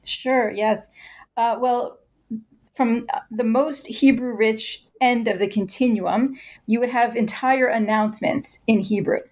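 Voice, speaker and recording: A woman guest in an interview, explaining her field fluently and walking through examples. Her voice sits a little higher than most, with an even, articulate delivery. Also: takes it slowly. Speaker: expert guest.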